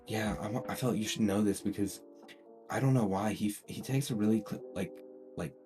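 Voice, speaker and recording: A man voicing a gentle, concerned adult woman hero in a rambling, halting way, barely changing his own voice. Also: lowish voice, music in the background, lightly acted. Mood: earnest.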